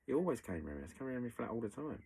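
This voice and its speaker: A man's voice: medium pitch, sing-song, quick pace, vocal fry, darkish tone, breathy edge, pitched above the performer's own voice, exaggerated voice. A man, imitating an outraged woman witness in raised, emphatic tones. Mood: insistent. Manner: emphatic denials, repeated insistence.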